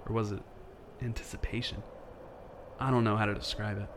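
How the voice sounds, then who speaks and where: A man's voice: on the low side, little pitch movement, fairly quick, noisy background, lightly acted. A man as a frightened young father narrating. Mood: hushed. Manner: hushed, tense storytelling. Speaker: first-person narrator. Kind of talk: scripted horror narration. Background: music.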